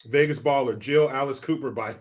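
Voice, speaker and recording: A man's voice: medium pitch, brisk. A man hosting a live commentary stream, reading chat comments in a mock-serious, sarcastic and profane way.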